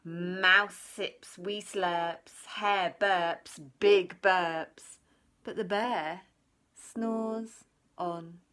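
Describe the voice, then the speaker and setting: A woman teacher reading a children's storybook aloud, expressive and sing-song. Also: fairly low pitch, very slow.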